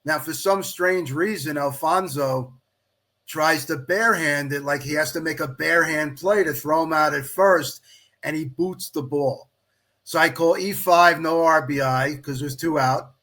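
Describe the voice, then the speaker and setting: A middle-aged man with a voice on the high side, speaking a little slowly, is a podcast guest and official baseball scorer. In casual chat he tells a long, animated anecdote, quoting others in dialogue along the way.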